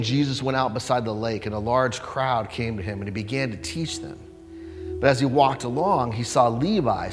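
Conversational male preacher in a reverberant hall. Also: medium pitch. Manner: conversational, animated, asks the listeners questions. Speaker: pastor. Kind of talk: sermon. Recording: long hall reverb, faint hum.

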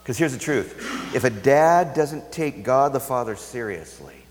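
Pastor preaching in a reverberant hall. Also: male voice, medium pitch, expressive, unhurried. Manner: storytelling, dropping to hushed, intimate tones for emphasis. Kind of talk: sermon.

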